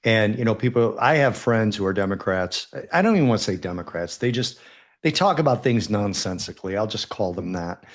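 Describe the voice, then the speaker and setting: A man, the son of immigrants, guesting on a podcast, telling stories in an animated, jokey way. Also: fairly low pitch, brisk. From United States. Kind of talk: casual podcast conversation.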